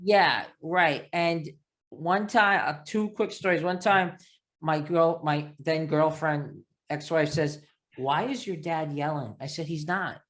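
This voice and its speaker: A man with a thick Long Island New York accent hosting a casual interview, telling stories in a rambling, animated way. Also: fairly high pitch, slow. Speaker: podcast host.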